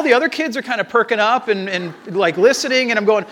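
Bright, high-voiced man telling a story. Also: fast talker. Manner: animated storyteller, acts out dialogue with restarts. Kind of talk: sermon storytelling.

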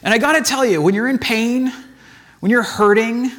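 A man's voice: very high voice, moderate pace, fairly bright tone. A man giving a casual, conversational sermon as a pastor, telling stories in a chatty way full of "like" and acted asides.

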